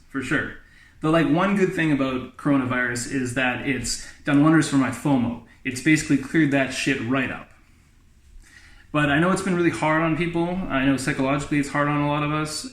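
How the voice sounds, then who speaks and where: Guy doing sarcastic standup, slightly high voice, roomy echo. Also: fairly bright tone. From British Columbia, Canada. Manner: casual, sarcastic, rhetorical asides. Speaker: stand-up comedian. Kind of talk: stand-up comedy routine.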